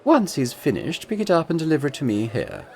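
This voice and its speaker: A man's voice: fairly high pitch, huge pitch swings, a little fast, gravelly, dark tone, soft background music, voice pushed up, exaggerated voice. A man doing a posh, haughty lady boss. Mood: commanding. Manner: haughty, drawling. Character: posh scheming woman crime boss.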